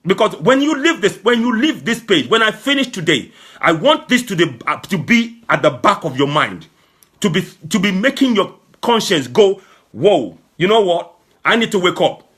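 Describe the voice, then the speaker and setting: Man, fervent political broadcaster, high, husky voice, rising to shouts. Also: sing-song, normal speed. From Nigeria. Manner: fervent, repetitive, sometimes shouting. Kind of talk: impassioned political address.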